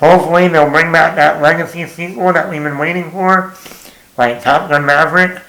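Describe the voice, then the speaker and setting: A man giving a blunt, exasperated casual film review, swearing freely and now and then quoting lines in a higher voice. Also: fairly even intonation, moderate pace, pushed and bright. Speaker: movie reviewer. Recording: echoey room.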